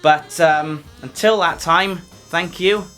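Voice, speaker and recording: A man's voice: fairly high pitch, slow pace, over loud music. A man making casual, self-mocking reaction commentary on his own old video. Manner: self-mocking, wry asides.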